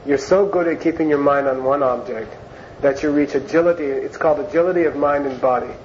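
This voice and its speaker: Man teaching a relaxed Dharma class. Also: on the high side, fairly quick. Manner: conversational, repeats words and phrases for emphasis. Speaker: Buddhist teacher. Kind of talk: informal Dharma class lecture. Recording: dull lo-fi recording with faint hiss.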